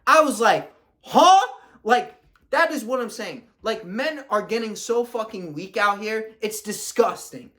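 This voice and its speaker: A man's voice: high-pitched, animated, a little slow, bright, forceful tone. Blunt, profane young man ranting. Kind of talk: ranting to-camera monologue.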